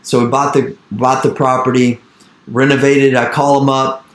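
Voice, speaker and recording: An energetic man in his thirties tells his story with drive, circling back on his own phrases and slipping into the voices of the people he quotes. His pitch sits in a middle range. The room around him rings with echo. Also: normal speed, noisy background. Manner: animated, repeats phrases, acts out quoted dialogue. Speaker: real estate investor speaking to an investor group.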